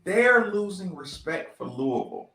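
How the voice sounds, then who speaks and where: A man's voice: sits high, sing-song, unhurried, creaky, a bit bright. A man giving blunt, profane fan commentary on a basketball team, ranting in slang. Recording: echoey room.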